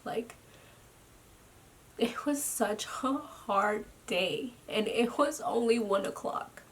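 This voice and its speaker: A young woman talks into her camera at home, slow and drained, her slightly high voice sinking into soft, near-whispered stretches. She pauses often and strings her thoughts together with "like." A faint hiss sits under her voice. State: tired and drained. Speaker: vlogger. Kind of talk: personal video diary. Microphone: camera mic.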